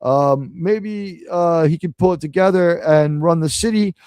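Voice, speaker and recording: A man from New hosts a live stream in a loose, rambling way. He swears freely and turns sarcastic, and his voice sits fairly high for a man. The sound is close and dry, with no room around it. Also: measured pace, dark tone, clean tone, no echo. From New York City. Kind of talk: casual live-stream rant.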